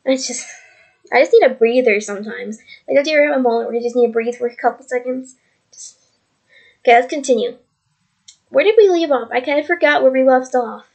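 This woman's voice is high-pitched, gravelly, and a little mellow, and she speaks a little fast. She's at home vlogging on her computer, using its built-in mic, earnestly rambling and repeating herself while sharing her faith in a casual testimony.

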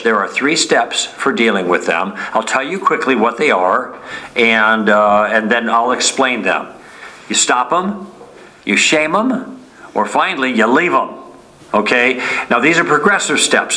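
A man's voice: mid-range voice, pushed and bright, poor audio. A man teaching a lesson in a conversational way, often checking in with "okay?" and acting out friendly sample lines. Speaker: Bible teacher. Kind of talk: teaching talk.

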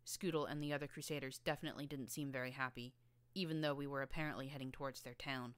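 A woman's voice: rumbling low, steady tone, quick pace, smooth, no room sound. A woman narrating a first-person story in a dry, wry storytelling manner. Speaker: audiobook narrator.

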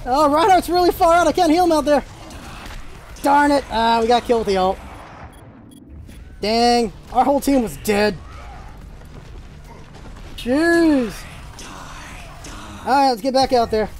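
A gaming channel host giving live gameplay commentary, excitable and firing off rapid callouts to teammates. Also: high voice, a little hiss or hum.

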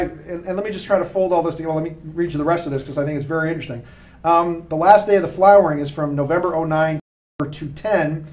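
A man giving an animated, jokey, preacher-like talk to a live audience. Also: high-pitched, distant mic. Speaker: speaker giving a lecture. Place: room with an audience. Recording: echoey room, voice picked up from afar.

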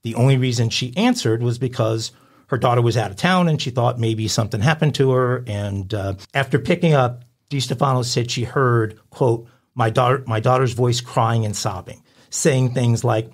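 A man's voice: mid-range voice, moderate pace. A man co-hosting a crime podcast, reading news stories aloud with frequent uhs and casual asides. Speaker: podcast co-host.

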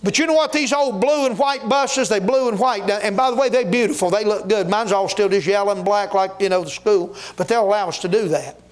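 A man's voice: high voice, fairly quick, few pauses. A man preaching a fervent revival sermon in a church, exhorting his listeners and telling folksy stories along the way. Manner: folksy, exhorting, with storytelling asides. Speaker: guest preacher. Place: church sanctuary.

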